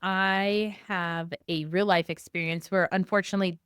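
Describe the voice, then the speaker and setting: A woman realtor in a relaxed, matter-of-fact conversation about a deal. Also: on the low side, moderate pace, clean tone, no echo, studio quality. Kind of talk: casual conversation.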